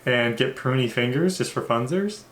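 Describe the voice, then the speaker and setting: Lively, jokey man in an echoey room. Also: medium pitch, moderate pace, slight background noise. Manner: playful, jokey, animated storytelling. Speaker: reaction video host. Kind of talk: casual reaction chat. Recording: echoey room with faint music.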